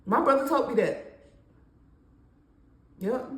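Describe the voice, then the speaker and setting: A young woman tells a personal story in a candid, conversational way. Her voice sits a little high. The recording has a noticeable room echo. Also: animated, takes it slowly. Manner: candid, conversational, with laughs and slang. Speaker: storytime vlogger. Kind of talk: casual storytime monologue.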